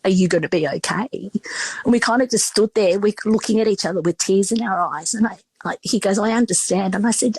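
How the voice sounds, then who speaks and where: A woman's voice: medium pitch, fairly quick, a little mellow, slightly rough, no room sound, rough recording. A middle-aged woman with an Australian accent telling stories in a casual interview, chatty and full of restarts and quoted dialogue. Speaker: restaurateur and podcast guest.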